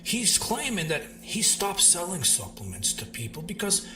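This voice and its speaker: A man narrating a recap of online drama in a lively mocking tone. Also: high voice, normal speed, reverberant, over music.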